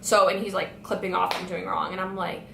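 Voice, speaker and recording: Gravelly, lowish and fairly quick, a young woman vlogger tells an animated storytime tale stuffed with "like" fillers. It's recorded in an echoey room with faint noise.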